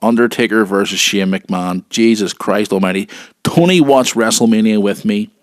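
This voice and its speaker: Male podcast host, home mic, emphatic and repetitive, low-ish voice, dry. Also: moderate pace, no room sound. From United Kingdom. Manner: earnest and emphatic, repeats himself, gets excited. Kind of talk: solo wrestling podcast talk.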